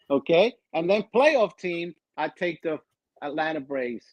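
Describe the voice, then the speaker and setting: A teasing male podcast co-host who laughs through a casual sports chat. His voice sits a little high and swings widely in pitch. The sound is dry and close-miked. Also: lively intonation, slow pace, no room sound, highs cut off.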